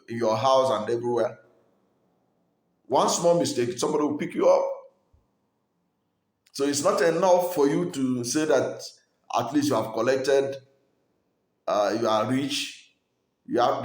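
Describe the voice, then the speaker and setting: Nigerian guy making a political argument, mid-pitched voice, kinda echoey room, lots of uhs and restarts. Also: moderate pace, pauses often, a little mellow. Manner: earnest, argumentative, with fillers and restarts. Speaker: political commentator. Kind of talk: spoken political commentary.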